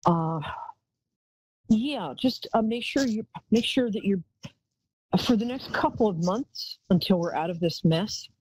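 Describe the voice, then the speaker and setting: A woman's voice: medium pitch, expressive, measured pace, a little mellow, slightly rough, rough recording. A woman hosting a live call-in psychic show, talking in a chatty, rambling way and calling callers darling.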